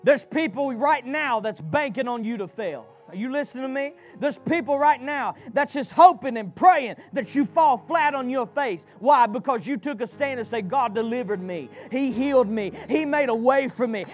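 A man with a very high voice delivers a sermon, calling on the congregation to answer him back. He swings between loud shouted lines and low, hushed passages, with faint music under his voice. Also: lively intonation, moderate pace, hardly any pauses. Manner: call-and-response preaching, swinging from shouts to low murmurs. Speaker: preacher.

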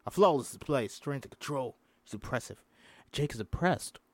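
A man's voice: mid-range voice, animated, normal speed, a little mellow, no room sound. A man reading a screenplay aloud as a host, plainly, breaking off with joking asides. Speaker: script reader. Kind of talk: casual script read-through with asides.

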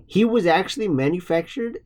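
A man's voice: sits high, lively intonation, a little fast, darkish tone. A man co-hosting a podcast, retelling a story casually with lots of swearing and jokes. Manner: profane, joking, mocking voices in quotes. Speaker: podcast co-host.

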